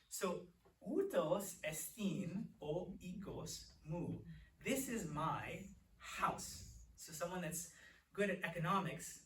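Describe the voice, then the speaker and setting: A young man teaching a Greek class in a church classroom, explaining patiently and repeating words slowly. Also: a little high. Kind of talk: classroom lecture. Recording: echoey room, distant mic, faint hiss.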